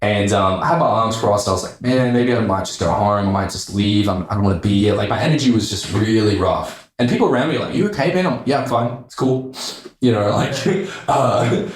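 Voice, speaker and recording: A man, a podcast guest telling a story in a casual, animated way, acting out quoted voices and swearing freely. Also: fairly low pitch, brisk, few pauses. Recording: roomy echo.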